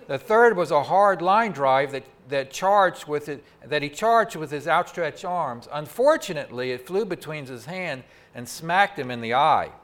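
A man with a somewhat raised pitch delivers a Sunday sermon into a microphone in a church sanctuary. His preaching is folksy and conversational. He often turns aside to talk straight to the congregation. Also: expressive, measured pace, hardly any pauses, fairly bright tone. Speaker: pastor.

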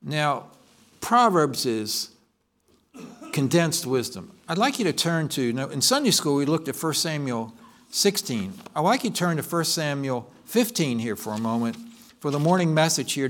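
A male pastor delivering a sermon, telling a story in an animated way and often correcting himself mid-sentence. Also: fairly high pitch. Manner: animated storytelling, with frequent restarts and self-corrections.

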